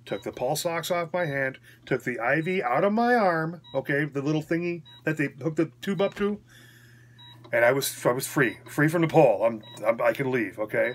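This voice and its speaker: A man's voice: a little high, expressive, moderate pace. A man recounting a story in a casual, frank and rambling way, often checking in with his listener, while recovering after a hospital stay. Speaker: vlogger.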